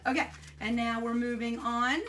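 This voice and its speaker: A woman's voice: fairly high pitch, little pitch movement, moderate pace, a bit bright. An older woman, an art teacher, giving a chatty, enthusiastic video lesson alone in a room. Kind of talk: casual home video lesson.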